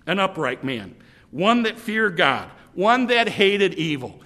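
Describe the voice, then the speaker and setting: A man's voice: sits high, very animated, slow pace, pushed and bright, in a large hall. A man preaching a sermon, emphatic and repetitive, often restarting his words. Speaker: pastor.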